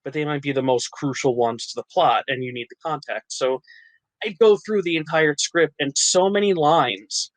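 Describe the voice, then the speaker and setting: A man's voice: on the high side, normal speed, no room sound, low-quality recording. A man from New Jersey, an actor and writer, chatting as a podcast guest, laughing often and restarting his sentences. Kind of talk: casual interview chat.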